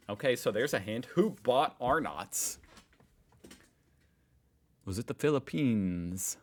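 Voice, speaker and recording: A man's voice: mid-range voice, expressive, takes it slowly, long pauses, a little mellow. A middle-aged American man in the United States, hosting a reaction video and musing aloud in a casual, amused way. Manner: musing, amused, thinks aloud with frequent fillers.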